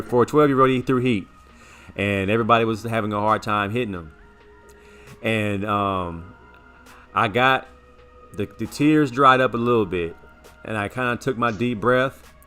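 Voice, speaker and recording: Low bright-voiced guy, rambling sports show story, faint music underneath. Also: clear, resonant tone. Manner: rambling, animated, repeats words while recounting. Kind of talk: casual storytelling chat.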